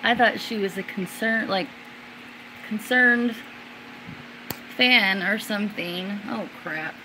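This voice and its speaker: A woman hosting a casual question-and-answer stream, rambling with many fillers and restarts, and at times suddenly getting excited and loud. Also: mid-range voice, slow, background noise. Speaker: livestream host answering viewers. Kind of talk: casual chat.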